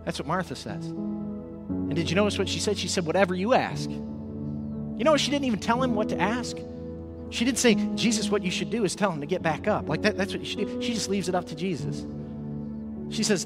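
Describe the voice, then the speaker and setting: A male pastor preaching a sermon with passion, rising to loud calls and then dropping to a soft, intimate tone. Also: high voice.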